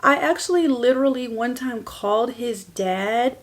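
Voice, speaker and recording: Candid woman podcast host, slightly high voice. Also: normal speed, few pauses. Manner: candid, talks straight to listeners, laughs through painful memories; shifts between soft, hushed lines and bursts of higher, louder emphasis. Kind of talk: personal storytelling podcast.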